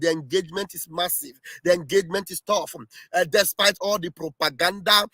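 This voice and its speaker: A man hosting a livestream, speaking with fervent, repetitive exclamations that often rise to shouting. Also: high voice, no echo. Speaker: livestream host. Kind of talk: impassioned political livestream commentary.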